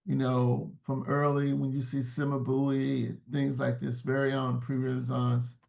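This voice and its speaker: A man's voice: medium pitch, monotone, unhurried, creaky, darkish tone. A man talking as an interview guest in a reflective, searching way, often restarting words mid-thought. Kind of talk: casual interview talk.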